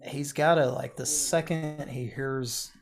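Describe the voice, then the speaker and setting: A man's voice: mid-range voice, steady tone, slow pace, soft background music. A man hosting a podcast in casual chat, rambling and restarting his sentences as he talks. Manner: rambling, chatty, trails off and restarts. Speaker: podcast host.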